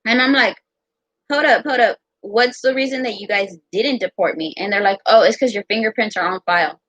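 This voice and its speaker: A young American woman telling a personal story in a casual, profane, animated way. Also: mid-range voice, fairly quick, no room sound. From United States. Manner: profane, animated, quotes others in her own voice. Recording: dull lo-fi sound.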